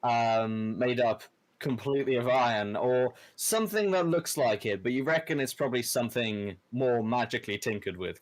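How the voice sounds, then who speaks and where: A man narrates a tabletop adventure as its game master. He talks in a loose, rambling way, stopping often for ums and uhs, and his voice sits at a middling pitch. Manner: rambling, many filler words.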